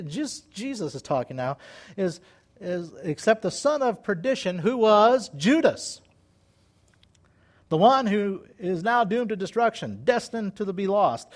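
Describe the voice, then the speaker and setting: A middle-aged man preaching an informal sermon in a folksy, animated way, often laughing and acting out voices. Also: high-pitched.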